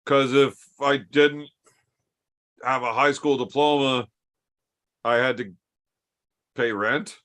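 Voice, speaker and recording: A man's voice: medium pitch, fairly even intonation, takes it slowly, long pauses, a bit bright. A man in his thirties telling a rowdy, profanity-laced story over beers, acting out the dialogue as he goes. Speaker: podcast host.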